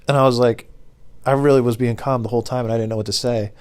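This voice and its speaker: A man's voice: mid-range voice, fast. Rambling young man telling stories. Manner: rambling, deadpan, laughs at own stories. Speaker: former pizza delivery driver telling stories. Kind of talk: casual storytelling to camera.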